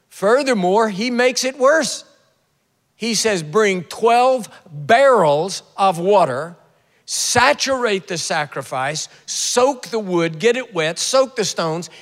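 Male preacher, high voice, lively storyteller, big echoing hall. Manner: animated storytelling, acts out the prophet's taunts with sudden loud bursts. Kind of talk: sermon.

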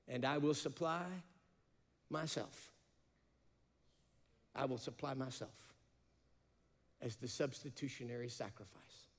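A male preacher delivering an impassioned sermon, rising to emphatic cries, then dropping to slow, hushed phrases. His mid-pitched voice rings out with the long reverb of a large hall. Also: animated.

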